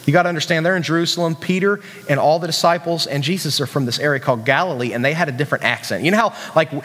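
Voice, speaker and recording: A man's voice: on the high side, very fast, a bit bright, long reverb tail. A man with a West Virginian accent preaching a sermon in a chatty, conversational way, full of restarts and asides to the audience. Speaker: youth pastor.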